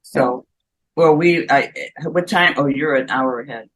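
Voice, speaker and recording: A woman's voice: very deep voice, unhurried, poor audio. A woman hosting an interview, chatty and given to philosophical asides and compliments. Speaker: interview host. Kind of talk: casual chat over a remote call.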